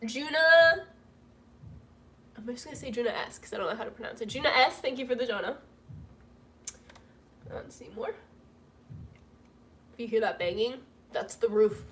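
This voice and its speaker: Young woman vlogger, high voice, emotional and gushing, a bit off-mic. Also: normal speed, long pauses, a bit bright, far from the mic. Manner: emotional, laughing through tears, gushing. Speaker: vlogger reading donation messages. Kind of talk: casual livestream chat. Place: home room with roof work banging.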